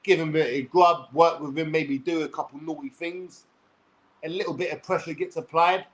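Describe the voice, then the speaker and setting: A blunt, foul-mouthed man in his forties with a London accent speaks straight to his viewers. His voice sits a touch higher than most men's, and he rambles and calls out to the people watching. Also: steady tone, moderate pace, poor audio. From England. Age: 40s. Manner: blunt, swears freely, addresses viewers as people. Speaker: online personality. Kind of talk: rambling talk to camera.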